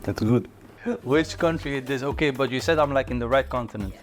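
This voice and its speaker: A man's voice: medium pitch, a little fast, soft background music. A young man and singer chatting playfully while tasting breakfasts, laughing often and joking around. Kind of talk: casual food-tasting chat.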